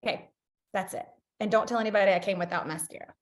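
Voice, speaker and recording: A woman's voice: medium pitch, fast talker. A woman giving a blunt, encouraging motivational talk as a guest on a sales team video call.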